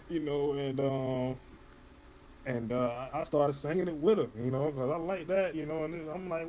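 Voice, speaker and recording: A man's voice: a little high, normal speed, a little mellow, slight background noise. A man in casual interview chat, rambling and profane, filling his talk with "you know". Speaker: podcast guest.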